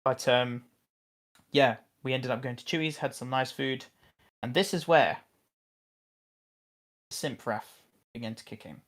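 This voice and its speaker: A man's voice: medium pitch, a little slow, long pauses. British guy on a podcast telling a trip story, lots of laughs, casual. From United Kingdom. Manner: animated storyteller, laughs often. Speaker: podcast co-host.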